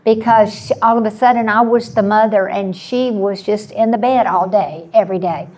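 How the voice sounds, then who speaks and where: A woman's voice: medium pitch, moderate pace, a little mellow. A woman in her seventies, a panelist sharing an earnest personal story with frequent restarts. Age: 70s.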